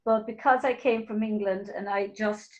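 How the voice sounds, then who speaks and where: A woman hosting an interview, chatting casually and telling lively stories with frequent laughter. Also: mid-range voice, moderate pace, muffled recording. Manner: lively storyteller, laughs often. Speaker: host.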